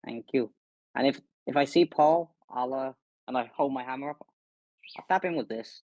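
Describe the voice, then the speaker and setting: A man's voice: medium pitch, moderate pace, darkish tone, muffled recording, lightly acted. A man voicing a polite, hesitant young villager in a put-on Irish accent.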